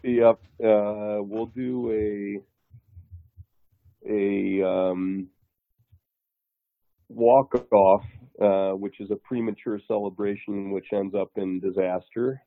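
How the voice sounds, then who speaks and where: A man's voice: fairly low pitch, steady tone, takes it slowly, pauses often, no echo. A man co-hosting a podcast in casual chat, rambling through his stories. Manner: rambling, many fillers and restarts. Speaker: podcast co-host. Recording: tinny phone-like line, dry.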